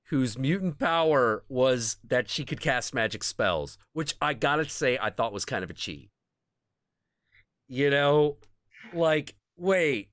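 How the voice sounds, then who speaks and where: A man hosts a casual stream and rambles profanely about comics. His pitch swings widely as he talks. The sound is dry and close, with no room around it. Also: dry recording. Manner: profane, rambling, animated, searching for things mid-talk. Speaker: stream host.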